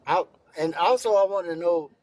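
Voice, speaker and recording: A man's voice: high voice, normal speed, a little mellow, no echo. A man in his fifties calling into a live debate, friendly and stammering with repeated words. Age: 50s. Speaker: caller. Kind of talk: casual debate call.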